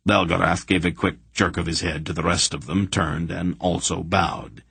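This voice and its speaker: A man narrating a fantasy audiobook in a measured, deliberate reading. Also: low voice, fairly even intonation, vocal fry, sharp tone, slightly rough, dry recording. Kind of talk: scripted narration.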